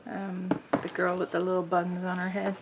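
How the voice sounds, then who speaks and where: A woman's voice: lowish voice, monotone, moderate pace, noisy background. A middle-aged woman chatting casually as she works on a craft journal, rambling with lots of fillers. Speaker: craft vlogger. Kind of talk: casual chat while crafting.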